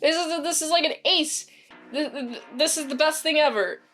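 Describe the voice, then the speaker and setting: A woman casually recapping a TV episode, chatty and excitable, filling her talk with "like". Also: high voice, moderate pace, soft background music. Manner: chatty and excitable, heavy use of "like", acts out quoted lines. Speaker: series reviewer.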